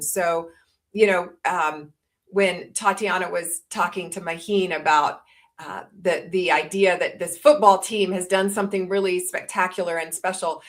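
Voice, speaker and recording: A woman's voice: fairly low pitch, a bit bright. A woman in her fifties presenting a listening course, explaining tips in a casual webinar talk and acting out example lines.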